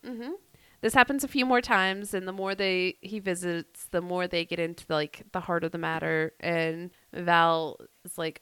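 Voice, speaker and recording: A woman's voice: fairly low pitch, steady tone, normal speed, sharp tone, smooth, no echo. A woman, co-hosting a podcast and telling a wild story in a jokey, laughing way. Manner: laughing, jokey retelling with quoted voices. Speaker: podcast co-host. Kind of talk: casual storytelling chat.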